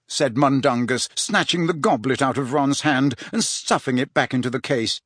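A man narrating an audiobook in an expressive storytelling style on a close studio mic. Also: medium pitch, moderate pace, few pauses, dry recording. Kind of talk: scripted narration.

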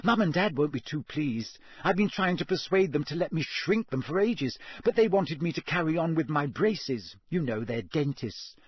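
This is a clever, bossy schoolgirl from a storybook, put on by a man reading aloud. She talks quickly and scolds lightly, set a little higher than his usual voice. The voice is slightly husky. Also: animated, no room sound. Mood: brisk.

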